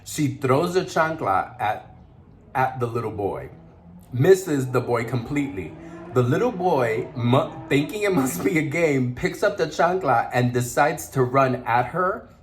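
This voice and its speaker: A man's voice: medium pitch, lively intonation, a little slow, a little hiss or hum. A man vlogger eating on camera while telling a story, chatty and laughing, mixing in Spanish words. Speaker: mukbang vlogger.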